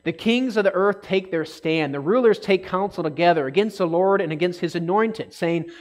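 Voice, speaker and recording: Animated man teaching a casual Bible study. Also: high-pitched, moderate pace. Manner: conversational, frequent "okay?" check-ins, animated when reading aloud.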